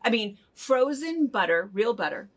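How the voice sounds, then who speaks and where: A woman's voice: fairly high pitch, very animated, normal speed. An older woman co-hosting a casual chat show, telling stories in a chatty way and laughing often as she goes. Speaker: co-host of a fabric shop chat show.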